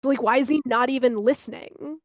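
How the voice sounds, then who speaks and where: A woman co-hosting a podcast, telling candid, animated stories in casual chat and swearing now and then. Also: sits high, brisk, no echo. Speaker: podcast co-host.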